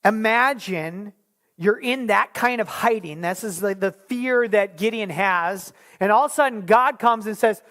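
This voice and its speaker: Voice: medium pitch, a little slow, a bit bright. A Bible study teacher leading a small group lesson, retelling scripture in a conversational way, often restarting words.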